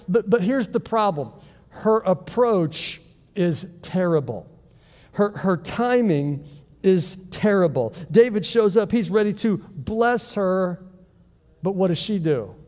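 A man preaching a sermon as pastor, telling a Bible story with lively rhetorical questions. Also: high voice, long reverb tail. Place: church auditorium.

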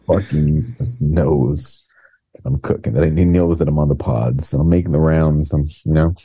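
A man's voice: rumbling low, moderate pace, dark tone, breathy edge. A man who is a comedian and podcast guest, bantering in a laid-back, joking and profane way. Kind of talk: casual banter.

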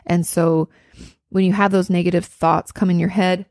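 A woman in her thirties talks a listener through coping advice, earnest and reassuring, with casual swearing. Her voice sits low and has a gravelly fry. The sound is dry and close, with no room around it. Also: flat delivery, normal speed, a little mellow, no room sound. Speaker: therapist answering a listener. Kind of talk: advice podcast.

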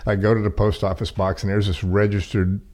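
A man's voice: fairly low pitch, flat delivery, fairly quick, a little mellow. A middle-aged man telling a long personal story in a rambling, folksy, self-deprecating way with chuckles. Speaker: podcast guest. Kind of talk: casual storytelling.

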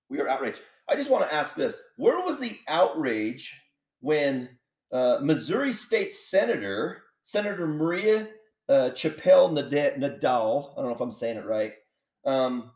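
A man's voice: a little high, recorded from a distance. Fired-up guy on a podcast ranting, voice jumps all over, echoey room. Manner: heated, repetitive rhetorical questions. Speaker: podcast host. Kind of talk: opinionated political monologue.

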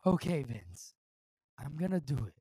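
A man's voice: a little high, moderate pace, a little hiss or hum, poor audio. A man doing an impression of a tired, reluctant male wrestler turned executive. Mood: weary. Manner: tired, reluctant, flat-toned.

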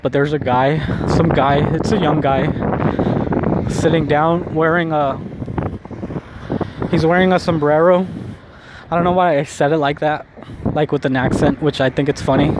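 A young man talks into his phone as he walks through the city, chatting loosely and packing his sentences with "like." His voice sits a touch high for a man. Street traffic and city noise come through clearly on the phone recording. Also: steady tone, moderate pace. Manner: rambling, heavy use of "like". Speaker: vlogger. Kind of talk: casual walking vlog monologue.

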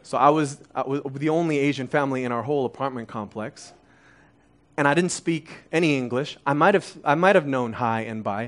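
A man in his thirties, originally from Korea, preaching a conversational sermon full of rhetorical questions. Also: medium pitch. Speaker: pastor.

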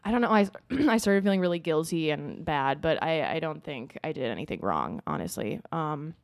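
A woman's voice: deep voice, sing-song, normal speed, gravelly, dry recording. A young woman hosting a podcast, telling a personal story in casual chat with lots of fillers and acted-out quotes. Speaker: podcast host.

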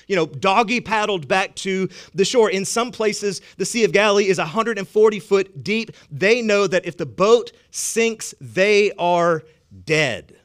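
A male pastor preaching a sermon in a conversational way, swinging between loud emphatic lines and hushed ones, often repeating words as he goes. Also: sits high. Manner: frequent stammered repeats.

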